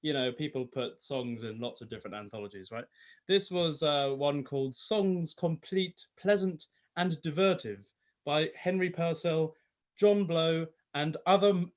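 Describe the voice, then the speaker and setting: A male singer casually introducing a song from home, rambling with lots of fillers and self-corrections. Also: on the high side. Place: home, lockdown online concert.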